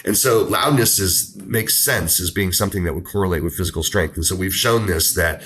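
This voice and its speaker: A man speaking as a researcher guest in an interview, explaining ideas slowly with many ums and restarts. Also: low-pitched, fairly bright tone. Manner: explanatory, hesitant with fillers. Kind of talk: conversational interview.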